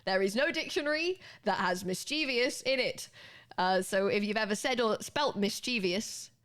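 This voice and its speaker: A woman's voice: medium pitch, animated, moderate pace, a bit bright. A British woman streaming live, chatting casually and laughing often as she teaches a spelling lesson to her viewers.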